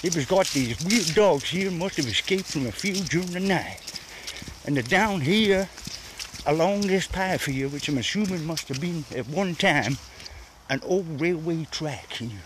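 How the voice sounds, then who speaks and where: High-voiced Scottish man joking on a walk. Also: expressive, measured pace, background noise. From Scotland. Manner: playful mock-cowboy banter, scolding his dog and animals. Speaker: vlogger. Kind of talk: walking vlog commentary. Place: outdoors on a rural path.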